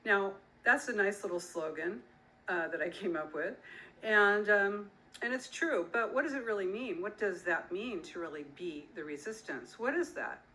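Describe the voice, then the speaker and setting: A woman's voice: medium pitch, normal speed, bright, forceful tone, poor audio. A middle-aged woman, an author and activist, speaking earnestly and emphatically straight to her listeners. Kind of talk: direct-to-camera talk.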